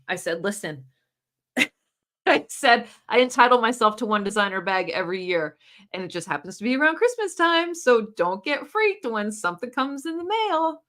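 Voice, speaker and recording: A woman from the United States hosting a casual livestream, chatting and reading viewer comments aloud in an animated way. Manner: chatty and animated, pitch leaping up and down. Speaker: livestream host.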